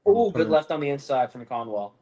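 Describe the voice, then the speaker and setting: A man's voice: mid-range voice, sing-song, fairly quick, mellow. A man guesting on a boxing watchalong, casual and blunt in his fight analysis.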